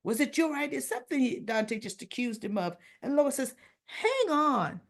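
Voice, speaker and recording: A woman's voice: sits high, a little fast, a little mellow. A woman giving a casual recap of a soap opera episode, retelling the scenes and quoting each character in turn.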